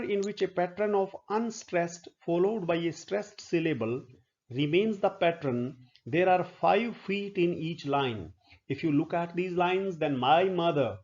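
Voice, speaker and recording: Middle-aged man, professor giving a slow, methodical literature lecture, dull lo-fi recording. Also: high voice, a little mellow. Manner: slow, deliberate explaining with fillers.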